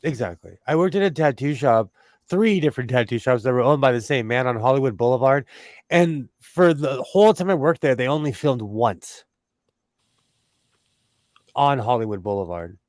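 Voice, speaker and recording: A man with a Southern California accent hosting a casual sewing livestream, talking in a chatty, animated way. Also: mid-range voice, normal speed, dry recording, clean studio sound. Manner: chatty, animated storytelling with laughs.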